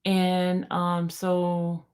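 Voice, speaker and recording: A woman giving casual commentary on courtroom footage, chatty and animated as she reacts aloud. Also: on the low side, drawn-out words, clear, resonant tone.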